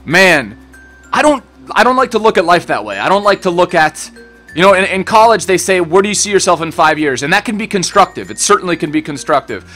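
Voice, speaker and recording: A man's voice: high-pitched, expressive, fairly quick, pushed and bright, soft background music. A young man hosting a gaming channel, chatting loosely through a Q&A, rambling and laid-back, swearing and calling people bro. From born in Switzerland, raised in Germany and the United States. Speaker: YouTube gaming channel host. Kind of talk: casual Q&A chat to camera.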